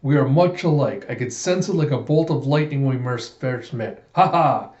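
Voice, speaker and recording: A man voicing a grinning male cyborg warrior who taunts his opponent in a theatrical, booming way, while reading a comic aloud. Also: normal speed, a little mellow, reverberant, lo-fi sound, close to an everyday voice. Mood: taunting.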